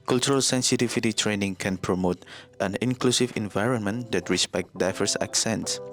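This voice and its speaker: A man narrating a class presentation in a steady, earnest reading. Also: on the low side, fairly quick. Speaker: student presenter. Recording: music bed behind the voice.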